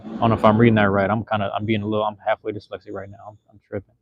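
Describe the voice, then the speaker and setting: A man's voice: on the low side, completely flat delivery, very fast, narrow, tinny audio, background noise. A man from Seattle hosting a casual livestream, talking loosely with viewers in slangy, profane chatter. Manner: loose, slangy, drops profanity, addresses chat. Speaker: livestream host.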